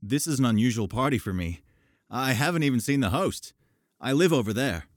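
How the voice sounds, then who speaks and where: A man's voice: mid-range voice, lively intonation, fairly quick, no room sound, voice pushed up, close to an everyday voice. A courteous young veteran at a party in an audiobook, read by a man. He talks politely with small hesitations. The recording is dry and close. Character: young man, war veteran narrator in dialogue.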